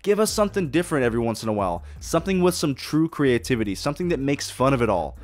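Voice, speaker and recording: A man's voice: mid-range voice, big pitch swings, fast talker, a little mellow, soft background music. A man hosting a solo podcast, talking casually and enthusiastically with lots of swearing and restarts. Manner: enthusiastic, profane, rambling with restarts. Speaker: podcast host.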